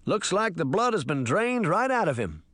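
A portly, timid sheriff , put on by a male narrator, speaks haltingly in a lifted, plodding voice. The recording is dry and close. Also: sits high, sing-song, a bit bright, dry recording, pitched above the performer's own voice, full character voice.

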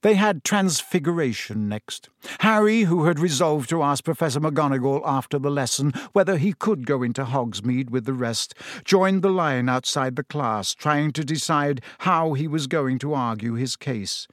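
An audiobook narrator tells the story with a lively, swooping intonation. The reading is expressive and full of character. The sound is dry and close. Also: mid-range voice, normal speed, dry recording. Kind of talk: scripted narration.

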